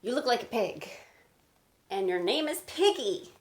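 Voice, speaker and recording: Lady doing a worried confused elephant guy, fretful questions, kinda high, storybook voice. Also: animated, measured pace, echoey room. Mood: puzzled. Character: anxious, puzzled elephant friend, male. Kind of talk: picture-book read-aloud.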